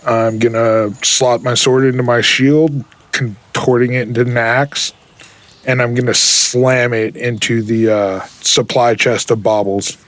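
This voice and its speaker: A man's voice: medium pitch, flat delivery, fairly bright tone, no room sound. Intense man playing a tabletop game. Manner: intense, rising fast when worked up. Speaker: player. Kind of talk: tabletop role-play, describing his character's actions.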